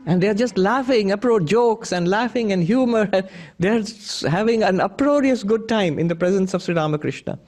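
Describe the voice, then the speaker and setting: A man's voice: sits high, animated, moderate pace, few pauses, a little mellow. A man who is a monk, giving a spiritual talk full of anecdotes, chuckling often as he tells them. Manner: chuckling storyteller, many restarts. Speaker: monk teacher.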